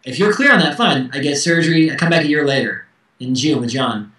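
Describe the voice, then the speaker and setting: A man's voice: fairly high pitch, lively intonation, a little fast, bright, forceful tone, echoey room, far from the mic, poor audio. A man in his thirties, a musician guest speaking candidly and acting out quoted dialogue in casual interview chat.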